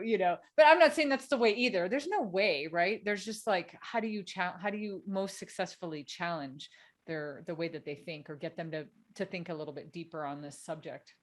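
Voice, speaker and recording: A woman's voice: fairly low pitch, moderate pace. A woman co-hosting a podcast, chatting casually with a lot of laughter and filler words. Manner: chatty and animated, laughing and filling with "like" and "you know". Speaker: podcast co-host.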